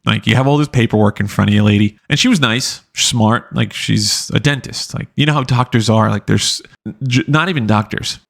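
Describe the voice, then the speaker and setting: A man's voice: lowish voice, moderate pace, creaky. A man hosting a podcast, telling a rambling, profane story in casual chat full of fillers. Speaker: podcast host.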